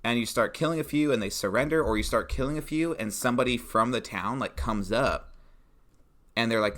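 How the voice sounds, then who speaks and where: A man co-hosting a podcast, brainstorming a tabletop adventure in casual chat, animated and full of fillers. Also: medium pitch, a little fast. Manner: animated, acts out player reactions, frequent fillers.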